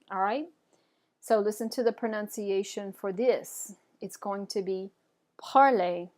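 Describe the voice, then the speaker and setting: A woman teaching French pronunciation, modelling words clearly and encouraging learners to repeat after her. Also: mid-range voice. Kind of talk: pronunciation lesson.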